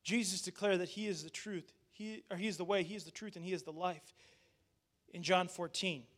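A man's voice: high-pitched, fairly quick. A male pastor delivering a sermon. He talks to the congregation directly and mixes scripture with chatty asides and restarts. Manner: animated, addresses the congregation directly.

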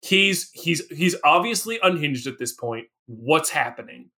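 A man's voice: on the high side, very animated, measured pace, sharp tone. A man co-hosting a podcast, reacting animatedly and laughing often during a casual movie chat. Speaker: podcast co-host.

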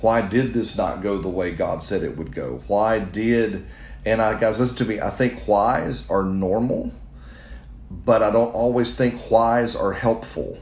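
A man's voice: on the low side, measured pace, echoey room. A middle-aged man, a pastor, answering a question in an earnest, conversational sermon style, speaking straight to his listeners. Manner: earnest, conversational, with restarts and direct appeals to listeners.

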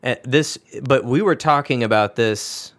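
A man's voice: mid-range voice, unhurried, fairly bright tone. A man hosting a podcast, who talks with his guest in an engaged, affirming way. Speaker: host, counselor. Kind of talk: conversational interview.

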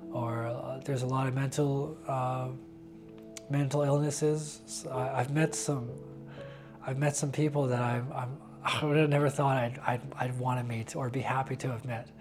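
A man giving a candid interview about his faith, talking earnestly and haltingly with frequent restarts. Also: mid-range voice, level tone, over music. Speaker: interviewee sharing a personal faith testimony.

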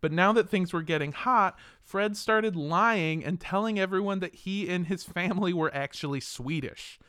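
Young male podcast host: raised pitch, smooth clear tone, animated, swears a lot. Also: normal speed. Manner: swears often, animated storytelling. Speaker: podcast host telling a history story. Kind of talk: casual podcast chat.

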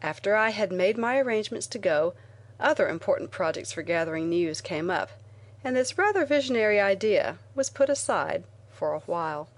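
A woman reading a first-person memoir aloud in a measured, earnest way. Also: fairly low pitch. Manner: measured, earnest reading with lively quoted lines. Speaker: narrator. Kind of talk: audiobook narration of a memoir.

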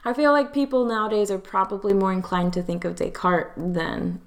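A woman's voice: mid-range voice, fairly even intonation, moderate pace. Frank woman giving feedback on a poem. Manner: frank, questioning, laughs easily. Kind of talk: casual conversation.

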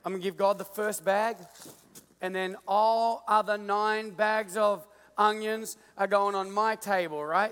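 High-voiced Australian pastor in a hall. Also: male voice, unhurried, smooth. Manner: playful, joking, animated with the crowd. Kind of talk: lively sermon with stage illustration. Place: large church auditorium.

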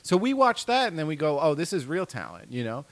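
A man's voice: fairly high pitch, sing-song, fairly quick, no room sound. A man, a comedian guest on a podcast, talking in casual chat in a reflective, wry, rambling way.

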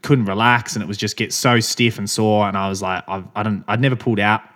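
Young male podcast co-host, lowish voice, casual rambling storyteller who swears freely. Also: fairly even intonation, fast talker, a bit bright. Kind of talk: casual chat.

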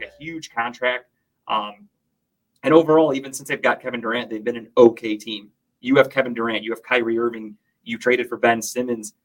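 A man's voice: medium pitch, rough recording. A man hosting a casual sports talk podcast, opinionated and swearing freely.

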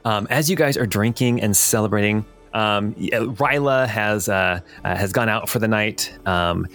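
A man narrating a tabletop game as game master, hesitant with fillers and quick to laugh. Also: lowish voice, a bit bright, faint music behind.

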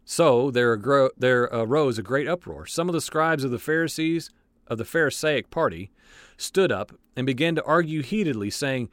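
In a dry, clean studio recording, a man with a mid-range voice speaks at a normal pace. He's teaching a casual Bible study, reading passages aloud and commenting with asides and fillers. His manner is animated, full of restarts.

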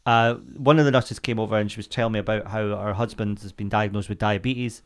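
A man's voice: lowish voice, fairly even intonation, fast talker, clean tone. A man co-hosting a podcast in casual chat, joking crudely and acting out the people in his stories. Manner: jokey, crude, acts out anecdotes. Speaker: podcast co-host.

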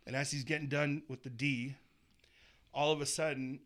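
A man, a tattoo artist, telling a story in casual chat and acting out the people he quotes with lively voices. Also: medium pitch, normal speed. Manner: animated, acts out quoted people. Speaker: tattoo artist and shop owner, guest.

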